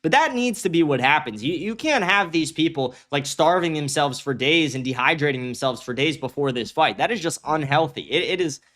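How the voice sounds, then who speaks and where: A man's voice: on the high side, animated, brisk, hardly any pauses, a bit bright. Profane, rambling young male streamer. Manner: blunt, profane, rambling with restarts; reads viewer chat aloud. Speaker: livestream host. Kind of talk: casual political commentary stream.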